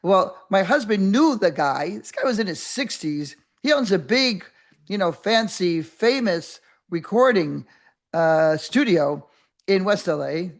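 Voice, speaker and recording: An older woman hosting a podcast, telling a story in a rambling, animated way with many restarts and acted-out voices. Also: medium pitch, a little slow. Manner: animated, acts out quoted voices. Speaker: podcast host. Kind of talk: casual storytelling monologue.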